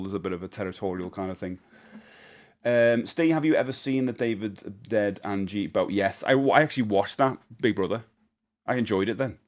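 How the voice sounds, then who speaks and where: Chatty man streaming live. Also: fairly low pitch. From England. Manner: chatty and rambling, reads chat questions aloud, laughs easily. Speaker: livestreamer.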